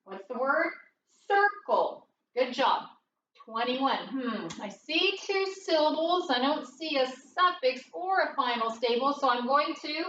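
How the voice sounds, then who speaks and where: A woman teaching a phonics lesson, slowly working through each word aloud and thinking it over as she goes. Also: high-pitched, animated, a bit bright. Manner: slow, deliberate, thinking aloud. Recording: dull, roomy, distant mic with faint noise.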